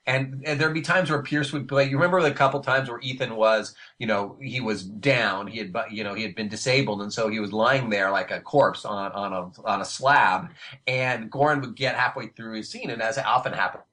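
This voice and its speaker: A man who produces a TV series, answering panel questions with self-deprecating stories and lots of halting restarts. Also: on the low side, sharp tone. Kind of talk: relaxed panel anecdotes.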